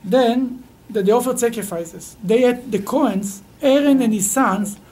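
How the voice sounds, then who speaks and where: A man teaching a Torah study class in halting, rising with emphasis as he explains. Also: very high-pitched, a little mellow.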